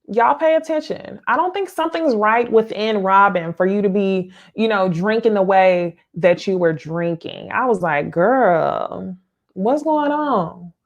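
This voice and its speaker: A woman hosting a casual reality TV recap, talking straight to her viewers in an animated, chatty way. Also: medium pitch.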